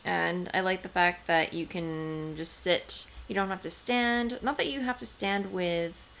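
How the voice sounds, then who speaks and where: A woman chatting casually in a home knitting vlog, rambling through her craft supplies with plenty of ums and false starts. Her voice sits a little low and has a gravelly, fried edge. A faint hum of room noise lies behind her. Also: measured pace, fairly bright tone. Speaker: knitting podcast host. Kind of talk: casual show-and-tell vlog. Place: home, seated indoors.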